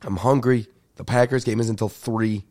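A young man, telling a comic story as a podcast host in an animated, profane rant. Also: on the low side, moderate pace. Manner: animated ranting with frequent profanity. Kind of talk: ranting comedic storytelling.

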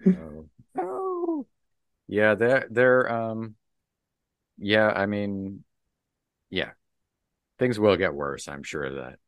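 Slow, deep-voiced man recapping comics. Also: smooth, dry recording. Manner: relaxed, rambling, full of ums and laughs. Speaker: podcast co-host. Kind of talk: casual chat recapping a comic book.

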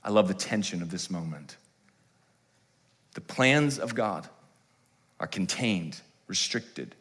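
A man preaching a sermon in church, reading scripture with slow dramatic emphasis and swinging from hushed to loud proclaiming. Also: a little high. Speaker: pastor. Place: church sanctuary.

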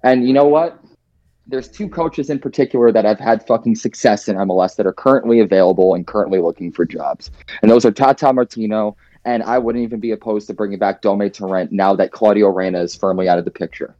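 A man's voice: lowish voice, steady tone, brisk, warm tone, no room sound. Hungover man ranting in dull lo-fi. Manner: frustrated, profane ranting. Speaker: podcast co-host. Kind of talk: casual chat. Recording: dull lo-fi sound.

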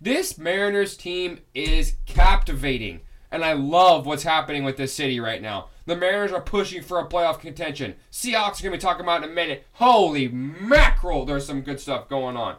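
A man hosting a solo sports podcast, ranting excitedly and swinging between loud outbursts and quick muttered asides. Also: high voice.

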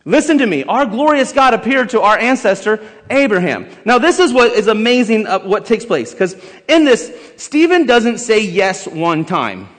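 A man preaching a sermon, emphatic and building to loud exhortation, in a church sanctuary. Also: sits high, sing-song, normal speed. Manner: emphatic, rising to shouted exhortation, leads the congregation in song. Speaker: pastor. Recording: long hall reverb with faint music.

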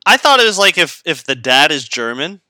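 A young man from Canada co-hosting a podcast, chatting casually, swearing freely and laughing loudly. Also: a little high, big pitch swings, a little fast, dry recording, clean studio sound. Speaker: podcast co-host. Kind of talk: casual chat.

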